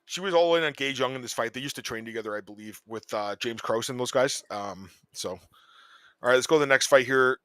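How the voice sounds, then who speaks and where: A man hosting a podcast, chatting casually and excitedly about fight results. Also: medium pitch, a little fast, no echo. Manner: excitable, animated fan talk. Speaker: podcast host. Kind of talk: casual sports chat.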